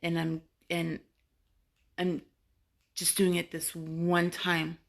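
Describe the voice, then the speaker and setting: A woman's voice: fairly low pitch, monotone, slow, creaky. A woman vlogger telling a story casually to camera, rambling with fillers and restarts and swearing freely.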